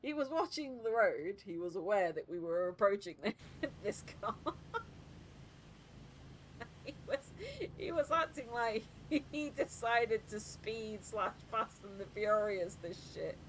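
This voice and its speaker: Speaking slowly in a mid-range voice, this woman spins stories during a casual stream chat, acting out others with impressions and laughing frequently. The audio is poor, with clear background noise from the live stream.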